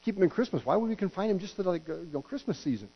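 A man's voice: high-pitched, lively intonation, very fast, gravelly. Folksy joking pastor, a man on lo-fi audio. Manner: folksy and joking, stumbling restarts, acts out quotes. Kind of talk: sermon. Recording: dull lo-fi recording with hum.

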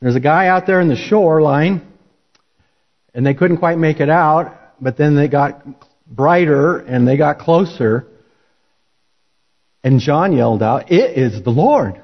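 A man's voice: on the high side, unhurried, long pauses. A man preaching a sermon, telling the story in a folksy, conversational way. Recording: dull lo-fi recording.

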